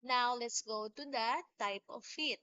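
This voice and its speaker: A woman's voice: a little high, bright, forceful tone, smooth, no room sound. A woman teacher giving a lesson on poetry, explaining patiently and sounding out rhythms. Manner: slow, patient explaining with sung-out rhythm examples. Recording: dull lo-fi sound.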